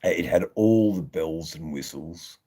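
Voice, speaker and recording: Deep, slow man rambling crudely. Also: warm tone, husky. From Australia. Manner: rambling, crude and jokey, with frequent ums and laughs. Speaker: livestream host. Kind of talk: casual live-stream chat.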